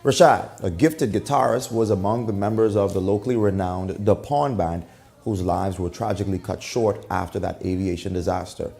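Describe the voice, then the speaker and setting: A male news anchor reads stories in a steady, formal way. His voice sits low and sounds mellow and relaxed, with nothing bright in it. He is from the Bahamas. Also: moderate pace, vocal fry. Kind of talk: news reading.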